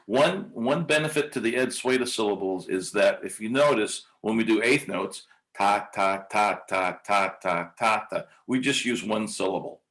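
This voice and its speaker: A man's voice: lowish voice, fairly bright tone. A male music teacher leading a workshop, chanting rhythm syllables and counting beats aloud, with frequent ums and uhs. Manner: hesitant, many ums and uhs. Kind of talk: conference workshop demonstration.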